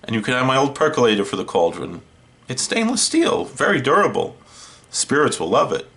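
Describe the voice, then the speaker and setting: A horror show host doing a comic one-sided phone call, dry and deadpan. His pitch rises and falls a lot, and his voice sits in a mid register. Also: fairly quick, vocal fry. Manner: deadpan, wry.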